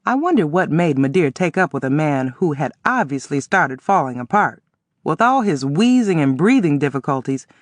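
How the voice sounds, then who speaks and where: Man narrating an audiobook, higher voice. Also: no room sound, studio quality. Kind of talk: scripted first-person narration.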